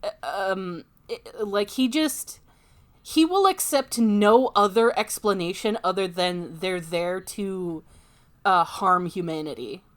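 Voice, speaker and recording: A woman's voice: medium pitch, slow pace. A woman co-hosting a podcast in casual chat, easygoing and mostly agreeing with short replies. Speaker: podcast co-host.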